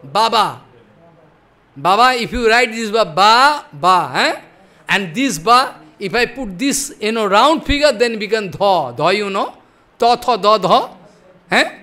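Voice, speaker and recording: A man's voice: sits high, very animated, unhurried, pushed and bright. A man giving a devotional sermon, emphatic and questioning, often checking with "follow?". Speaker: spiritual teacher.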